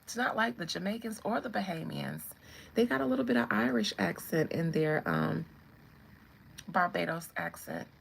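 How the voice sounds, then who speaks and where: Chatty woman with a gravelly edge. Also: lowish voice, normal speed, a little hiss or hum, rough recording. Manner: animated, chatty, laughs often, addresses viewers directly. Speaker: channel host. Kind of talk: casual celebrity commentary.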